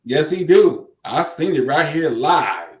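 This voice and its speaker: A man teases his co-hosts with loose, profane banter on a casual show. His pitch swings high and lively, and the room around him sounds echoey. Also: unhurried. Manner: teasing, laughing, profane. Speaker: talk show co-host.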